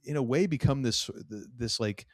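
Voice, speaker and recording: A mid-range male voice at normal speed belongs to a podcast co-host who chats enthusiastically in a casual TV recap, acting out quotes and laughing often. The recording is studio quality with no echo.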